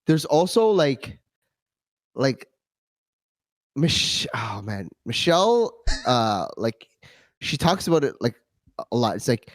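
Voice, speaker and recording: Animated, foul-mouthed man on a podcast. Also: mid-range voice, slow, long pauses, no room sound. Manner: profane, animated storyteller, acts out quotes. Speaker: podcast co-host. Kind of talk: casual crude banter.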